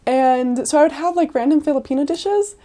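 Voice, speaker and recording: A woman's voice: sits high, brisk, mellow. A young adult woman, a returned missionary, casually telling stories in a chatty way, full of "like" and laughs. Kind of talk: casual storytelling interview.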